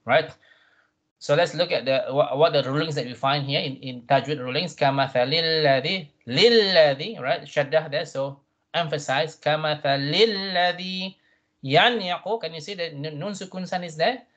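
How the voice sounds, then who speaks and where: A man teaching a Quran reading class, patient, often repeating himself and checking in with "right?", drawing out Arabic words slowly to model them. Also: on the high side, steady tone, breathy edge, lo-fi sound. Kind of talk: tajweed revision class.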